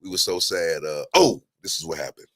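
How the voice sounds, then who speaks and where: Low-voiced guy rambling about politics, lots of restarts and fillers. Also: a little fast, gravelly. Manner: animated storytelling. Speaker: guest. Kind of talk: casual political chat.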